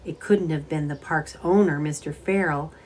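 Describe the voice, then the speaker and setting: A woman's voice: deep voice, normal speed, slight background noise, natural voice. A woman voicing a timid, tearful young woman. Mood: sad wistful. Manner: soft, wistful, hesitant.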